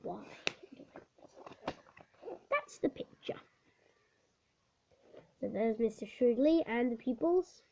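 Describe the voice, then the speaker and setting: A woman's voice: a little high, animated, takes it slowly, creaky, pauses often, slight background noise. A woman reading a children's book aloud, stumbling over words and correcting herself. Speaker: storybook reader. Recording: dull lo-fi recording.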